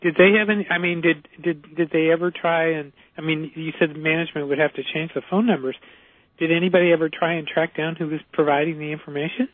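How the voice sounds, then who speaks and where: Male radio host asking halting questions. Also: on the high side, fairly even intonation, no room sound. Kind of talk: interviewing. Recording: tinny phone-line sound.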